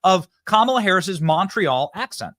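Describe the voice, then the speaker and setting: A man's voice: high voice, animated, moderate pace, fairly bright tone, no echo, clean studio sound. A man hosting a political talk show, loose and joking, who chuckles between questions. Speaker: host.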